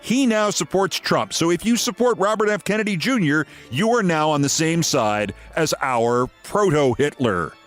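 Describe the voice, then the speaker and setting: A man's voice: on the high side, expressive, moderate pace, few pauses, fairly bright tone, faint music behind. A man from New York, hosting a scripted political commentary show in a sarcastic, theatrical manner. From New York, USA.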